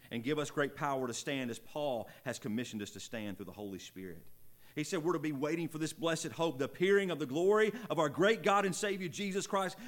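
A male pastor leading a prayer and preaching, moving from hushed prayer to rising emphasis. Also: fairly high pitch. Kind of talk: sermon with prayer.

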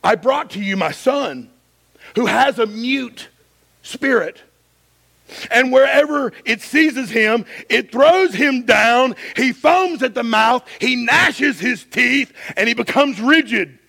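A man's voice: extremely high pitch, expressive, slow, vocal fry, bright, forceful tone, pitched above the performer's own voice, exaggerated voice. A preacher voicing a desperate pleading father. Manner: pleading, voice rising to cries. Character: desperate middle-aged father begging for his son. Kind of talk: dramatic scripture reading.

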